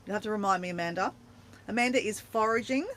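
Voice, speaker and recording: A woman's voice: medium pitch, fast, fairly bright tone. An Australian woman chatting casually on a livestream from her camper van, playful and talkative as she greets viewers. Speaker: vlogger greeting live viewers.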